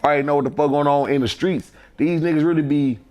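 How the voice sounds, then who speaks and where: Fast-talking blunt Houston man, thirties. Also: on the high side, dull audio. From Houston, Texas. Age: 30s. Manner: blunt, profane street talk. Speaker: rapper guest. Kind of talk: casual interview chat.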